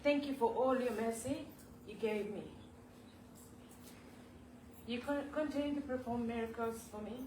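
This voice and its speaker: A woman giving a heartfelt homage in a temple hall, speaking haltingly and apologetically, moved to tears. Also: a little high, darkish tone. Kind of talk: emotional spoken tribute. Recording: echoey hall, voice from far off, clear background noise.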